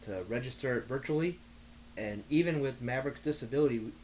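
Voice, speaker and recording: A man on a talk show, telling rambling stories and stopping often to restart his sentences. His voice sits at an ordinary middle pitch over a faint background noise. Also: a little mellow. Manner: rambling storyteller, halting restarts. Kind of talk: casual podcast chat.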